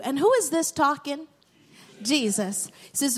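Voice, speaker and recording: A woman's voice: high-pitched, animated, normal speed, a bit bright. A woman preaching a sermon, reading scripture aloud and calling on the congregation to repeat after her. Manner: call-and-response with congregation, reads scripture aloud.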